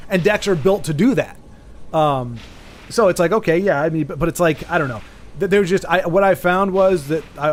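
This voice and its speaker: A man streaming a game and chatting casually, rambling with frequent restarts and sudden excited bursts. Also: fairly high pitch, slight background noise. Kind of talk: casual chat while gaming.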